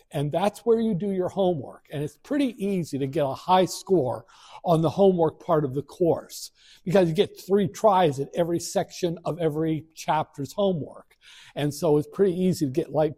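A man's voice: fairly high pitch, mellow, husky. A middle-aged man lecturing a college class, talking frankly and rambling with many fillers and restarts. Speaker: college finance instructor. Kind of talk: first-day classroom lecture.

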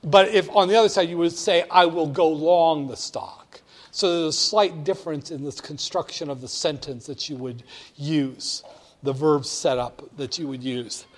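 A man teaching a class, explaining with animated emphasis that swings from quiet asides to loud, punchy points. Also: on the high side, normal speed. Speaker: instructor. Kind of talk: classroom lecture.

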